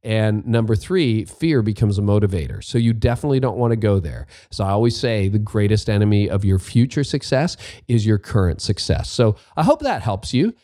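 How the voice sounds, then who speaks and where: A man's voice: fairly low pitch, animated, fairly quick, hardly any pauses, warm tone, dry recording, studio quality. A middle-aged man from Canada hosting a podcast, answering listener questions in a candid, self-deprecating way and repeating his key points. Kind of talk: casual advice talk.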